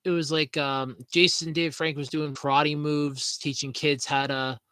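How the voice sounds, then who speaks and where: A man's voice: fairly high pitch, level tone, moderate pace, pushed and bright, clean tone, dry recording. A man hosting a podcast in casual, rambling chat, swearing freely and laughing at his own jokes. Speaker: podcast host.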